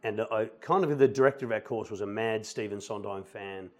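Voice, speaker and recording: A middle-aged man, a musical theatre actor chatting as a guest and telling animated anecdotes. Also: fairly low pitch, fairly quick. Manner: animated anecdotes, quotes people in lively voices. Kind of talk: relaxed storytelling conversation.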